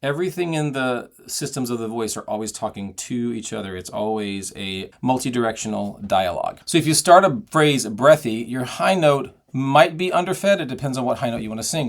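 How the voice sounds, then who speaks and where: A man's voice: mid-range voice, animated, a little fast, hardly any pauses, faint music behind. A middle-aged man giving a singing lesson, explaining and demonstrating vocal technique. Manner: explanatory, demonstrates sounds and sung phrases. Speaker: singing voice teacher.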